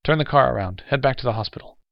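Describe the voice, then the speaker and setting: A man's voice: medium pitch, very fast, creaky, no echo, pitched above the performer's own voice, lightly acted. A man reading the lines of a frightened, nervous man whose voice shakes and breaks. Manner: pleading, shaky, breaking. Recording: dull lo-fi recording.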